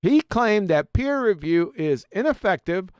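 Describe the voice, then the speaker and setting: A man hosts a live stream, lecturing over slides in a combative, mocking tone. His voice sits high and comes through smooth and clear. He is recorded close on a dry mic with no room sound. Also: sing-song, a little slow, darkish tone, no room sound. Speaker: host presenting a slideshow.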